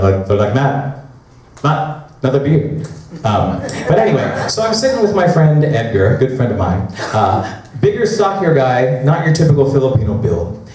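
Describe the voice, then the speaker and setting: A man's voice: mid-range voice, far from the mic, noisy background. A male cabaret performer singing and telling comic stories in a chatty, laughing way, recorded from afar in a roomy hall with music. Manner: chatty, laughing through anecdotes. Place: cabaret stage.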